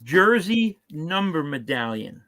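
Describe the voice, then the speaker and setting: A man's voice: fairly high pitch, sing-song, takes it slowly, sharp tone. A man co-hosting a casual live stream who chats and explains things at length.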